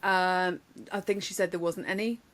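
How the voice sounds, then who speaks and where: A woman, telling lively anecdotes in casual podcast chat, laughing often. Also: fairly low pitch, moderate pace. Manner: animated storyteller, laughs often, many restarts. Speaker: podcast guest.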